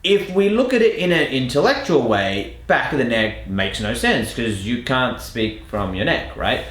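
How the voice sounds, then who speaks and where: A man teaching an accent lesson as a coach, explaining drills with an emphatic, lively delivery. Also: mid-range voice, normal speed. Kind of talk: instructional lesson. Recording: echoey room.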